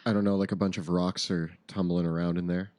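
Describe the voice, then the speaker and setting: A man's voice: low-pitched, level tone, fast, darkish tone, no room sound. A man playing a tabletop game, talking in an eager, upbeat way. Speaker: player.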